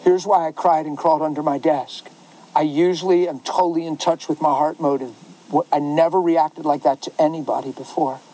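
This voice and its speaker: A man who is a pastor, telling a story in an animated way, laughing often and acting out the voices of others. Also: on the high side, brisk, poor audio. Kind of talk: storytelling talk.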